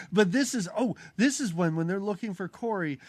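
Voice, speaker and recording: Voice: mid-range voice, a little mellow. A podcast co-host in a casual movie-recap chat, laughing often and acting out lines from the film in silly voices.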